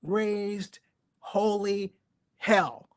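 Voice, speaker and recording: A middle-aged man telling stories as an interview guest, animated and acting out the voices of people he quotes. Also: high-pitched, drawn-out words. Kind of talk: storytelling interview.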